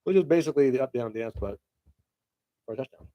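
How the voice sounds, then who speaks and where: A man's voice: mid-range voice, fast talker, lo-fi sound, very noisy. A man hosting his own show in a casual solo monologue, joking and plugging himself with playful, spelled-out asides. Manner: jokey self-promoting, spells things out, animated bursts. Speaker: podcast host.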